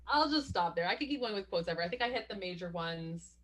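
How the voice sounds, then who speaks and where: A woman's voice: fairly low pitch, lively intonation, fast, fairly bright tone. A young woman co-hosting a film podcast, chatting casually and eagerly quoting lines from the movie. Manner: enthusiastic, quotes lines from the movie. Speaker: podcast co-host.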